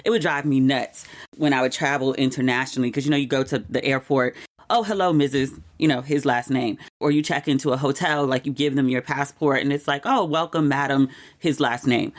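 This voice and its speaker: A woman hosting her own podcast, talking casually and candidly with frequent "like" asides, and getting emotional and animated over personal news. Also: very deep voice, fairly quick. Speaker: podcast host. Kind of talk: casual chatty monologue.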